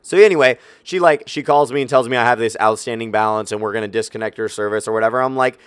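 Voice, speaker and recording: A man's voice: mid-range voice, fast talker, smooth, no echo, clean studio sound. A young man telling a story in a casual, profane, exasperated rant, talking directly to his viewers. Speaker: YouTube gaming creator.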